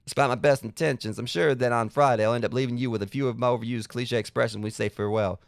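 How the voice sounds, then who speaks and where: A man voicing a middle-aged dad writing a fond letter to his son, in a slow, folksy, cartoonish sitcom-dad manner. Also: mid-range voice, fairly even intonation, vocal fry, clear, resonant tone, no echo, studio quality, natural voice. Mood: fond, fatherly.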